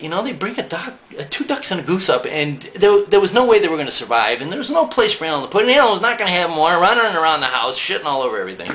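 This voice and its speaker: A man's voice: on the high side, big pitch swings, fast talker, fairly bright tone. A man casually telling a rambling, profane anecdote, chuckling now and then. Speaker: storyteller recalling band days.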